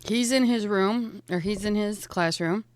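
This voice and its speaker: A woman's voice: mid-range voice, measured pace, no echo, clean studio sound. A woman narrating a tabletop game as game master, describing scenes casually with fillers.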